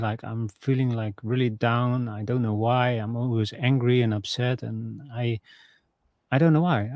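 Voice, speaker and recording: A man hosting a podcast, asking earnest, halting questions filled with "like". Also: medium pitch, darkish tone, no room sound. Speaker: podcast host. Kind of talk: podcast interview.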